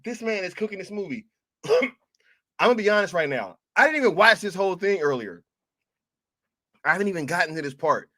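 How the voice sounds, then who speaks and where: A man's voice: sits high, very animated, fairly quick, long pauses, bright, forceful tone. A man streaming a reaction to a video, laughing hard and talking in loose, profane slang.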